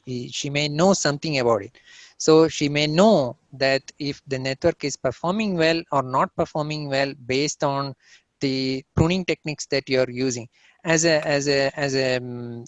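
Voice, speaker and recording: A man's voice: mid-range voice, no echo. Man questioner, long rambling questions, muffled dry call audio. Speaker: audience questioner. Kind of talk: asking questions in a Q&A.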